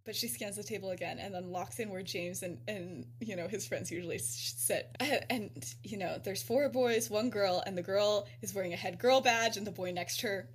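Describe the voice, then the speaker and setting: A woman's voice: medium pitch, normal speed, hardly any pauses, a little hiss or hum. A woman hosting a podcast, retelling a story in a casual, giggly way with many filler words. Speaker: podcast host.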